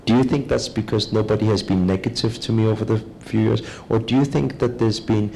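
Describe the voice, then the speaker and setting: A man giving a calm, measured spiritual talk, speaking slowly and deliberately as a teacher. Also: lowish voice, creaky, a little hiss or hum, poor audio.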